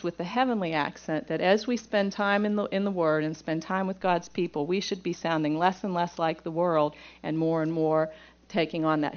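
A woman's voice: on the low side, highs cut off. Woman teaching a Bible lesson. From Pittsburgh. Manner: reads scripture aloud, then explains it plainly step by step. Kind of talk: Bible lesson with scripture reading.

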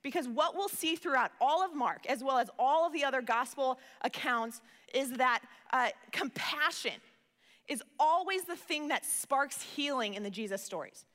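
High, bright-voiced woman preaching in a hall. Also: lively intonation, moderate pace. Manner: earnest, conversational, repeats words when starting phrases. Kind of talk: sermon. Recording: reverberant hall.

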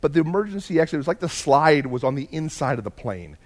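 Animated pastor, higher-pitched man. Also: fast talker. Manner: animated storyteller, swings from hushed to loud. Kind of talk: sermon with personal storytelling. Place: church.

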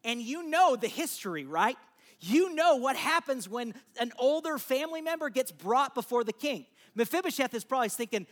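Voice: high voice, expressive, normal speed. A preacher giving a sermon in a casual, conversational storytelling way, turning to listeners with asides.

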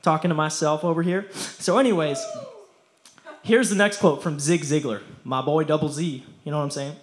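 Young guy preaching, high voice, super casual slang, keeps laughing. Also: normal speed, a little hiss or hum. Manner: playful, slangy, laughs often. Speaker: youth preacher. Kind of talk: energetic casual sermon.

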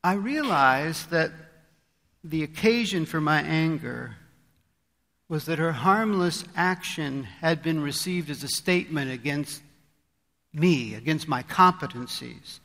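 A man's voice: a little high, slow pace, a bit bright, big-room sound. A male pastor preaching a sermon in an earnest, conversational way, often asking his listeners rhetorical questions.

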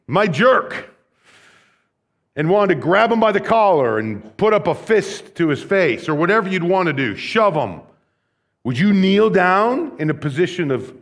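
A man preaching a sermon, moving between conversational asides with light humor and more intense, rising delivery when he reads scripture and asks rhetorical questions. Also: high-pitched. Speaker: pastor.

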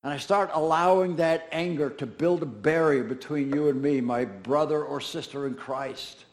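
A man's voice: a little high, normal speed, hardly any pauses. A man preaching a sermon as pastor, talking conversationally and directly to his congregation, often repeating phrases for emphasis. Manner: conversational, speaks straight to the congregation with repetition.

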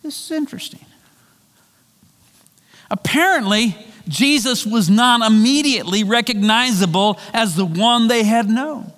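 A man preaching a sermon, retelling a story and acting out the voices in it, shifting between loud and hushed delivery. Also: high voice, moderate pace. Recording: long hall reverb.

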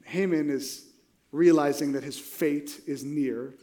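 A man delivers a sermon in a loose, conversational style, with frequent rhetorical check-ins. His voice sits notably high for a man. He sounds like he is talking the congregation through a story. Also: takes it slowly, warm tone. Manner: conversational, rhetorical "right?" asides. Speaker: preacher.

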